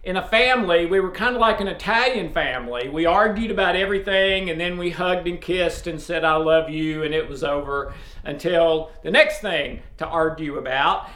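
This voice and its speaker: A man from East Tennessee with a strong Southern accent, casually and loudly addressing viewers as host of a faith video series. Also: sits high, animated, moderate pace. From East Tennessee, USA. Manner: loud, speaks up forcefully. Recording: roomy echo.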